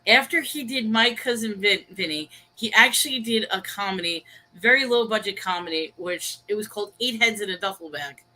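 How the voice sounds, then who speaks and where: A woman's voice: medium pitch, moderate pace, few pauses, sharp tone, low-quality recording. A woman co-hosting a casual chat over a video call, telling stories and laughing easily. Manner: chatty, storytelling, laughs easily. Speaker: co-host.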